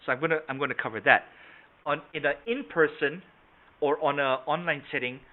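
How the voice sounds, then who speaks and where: A man's voice: fairly high pitch, a little fast. Man, sales trainer, online class, checks in with "right?" and "okay?", tinny call audio. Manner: interactive, quizzes participants by name with frequent "right?" and "okay?"; shifts volume and tone to demonstrate matching, from soft to strong. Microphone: video call.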